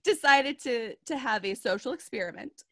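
Excitable woman podcast co-host. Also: fairly high pitch, moderate pace. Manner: excitable, exclamatory, says "oh my gosh". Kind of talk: casual chat.

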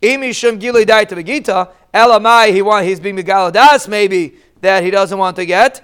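A man teaches a Talmud study lesson, explaining the Aramaic text line by line in casual English and raising his voice to act out the quoted shouts. His voice sits high and resonant, at normal speed, and comes through clearly.

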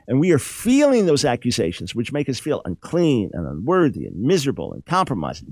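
A man's voice: very animated, brisk, a little mellow, no room sound. A man hosting a radio show, teaching a Bible passage in an earnest, emphatic way and lifting his voice when he acts out the speakers. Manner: earnest, emphatic, rises in pitch when dramatizing.

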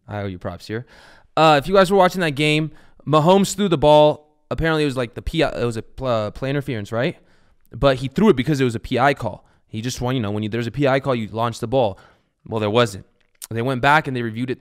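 A man's voice: medium pitch, smooth. A young man hosting a fantasy football show, rambling casually and swearing now and then. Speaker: podcast host.

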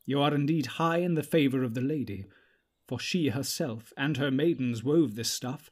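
A man voicing a dignified male elf leader who speaks calmly and courteously. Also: mid-range voice, normal speed, close to an everyday voice.

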